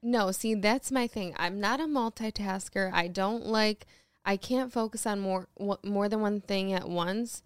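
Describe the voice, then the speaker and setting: A woman's voice: medium pitch, unhurried, smooth, no echo. Woman, young adult, podcast co-host, casual chat, dry close mic. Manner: animated storytelling, acts out quotes with laughter.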